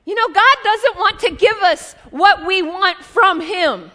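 A woman in her forties delivers a sermon in a high, bright-pitched voice, telling stories in a chatty, lively way full of asides. Her voice rings out with a long reverb tail, as if it fills a large church hall. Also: unhurried. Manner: conversational, lively storytelling with asides. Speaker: preacher. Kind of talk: sermon storytelling.

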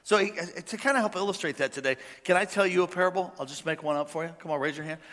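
A man preaching a sermon, telling a made-up parable and acting out the characters with lively energy. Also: high voice, rapid-fire. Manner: animated storytelling, acting out characters. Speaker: pastor. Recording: long hall reverb.

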